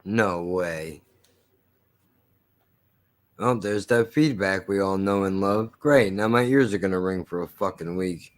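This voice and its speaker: A man's voice: low voice, a little slow, long pauses. Sarcastic, swearing man reacting to a film. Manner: blunt, sarcastic and full of swearing. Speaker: channel host reacting to a film. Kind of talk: profane reaction commentary.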